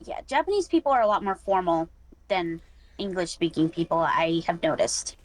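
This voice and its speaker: A woman who streams, answering interview questions in a relaxed way and laughing easily. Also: fairly low pitch, moderate pace, low-quality recording. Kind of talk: casual online interview.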